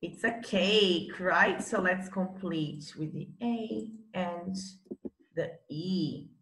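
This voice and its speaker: Slow, bright-voiced woman teaching. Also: on the low side, echoey room, low-quality recording. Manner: slow, encouraging drilling of words. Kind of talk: bilingual classroom lesson.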